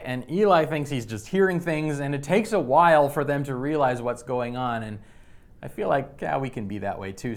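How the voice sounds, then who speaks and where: A man preaching a sermon in a conversational way, often restarting and repeating words. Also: mid-range voice. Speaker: pastor.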